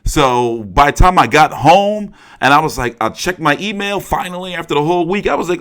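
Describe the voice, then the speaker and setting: A young man talking through a boxing press conference in loose, profane chat, his pitch sitting a little high and swinging widely. He gets carried away and breaks into loud, excited outbursts. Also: fairly quick, hardly any pauses. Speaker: boxing commentator. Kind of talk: casual reaction commentary.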